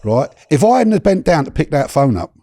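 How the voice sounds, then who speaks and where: A man, a guest on a podcast, telling a story in an animated, slangy way with swearing and many restarts. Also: a little high, a little fast, gravelly, no echo.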